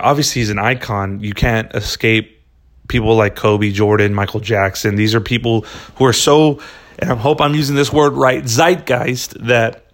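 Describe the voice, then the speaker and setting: Male solo podcast host, casual rambling delivery, lots of swearing and "dude.". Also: mid-range voice. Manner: rambling and profane, full of "dude" and "man".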